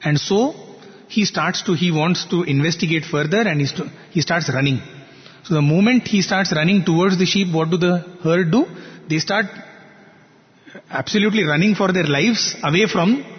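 A man teaching through an animated story, often asking rhetorical questions. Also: high voice, normal speed, big-room sound, lo-fi sound. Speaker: spiritual teacher. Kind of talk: storytelling lesson.

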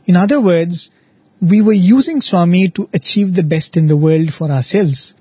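Man, devotional speaker, husky voice, slightly high, dry muffled sound, storytelling, asks "right?". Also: normal speed, dry recording. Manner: storytelling with frequent "right?" and "you know". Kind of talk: spiritual talk.

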